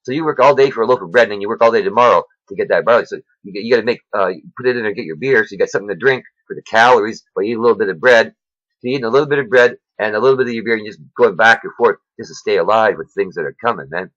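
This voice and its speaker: Man, self-made video preacher, rambling and preachy, quick husky delivery, dry dull recording. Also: lowish voice, fairly bright tone, no room sound. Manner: rambling, preachy, says "man" and "right?" a lot. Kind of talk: informal religious monologue. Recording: dull lo-fi sound.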